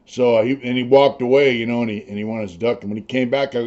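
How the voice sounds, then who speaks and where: A man's voice: mid-range voice, fairly even intonation, quick pace, darkish tone, dull audio. An older man, a former prisoner, telling his stories in a rambling, profane, casual way full of "you know". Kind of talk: casual storytelling.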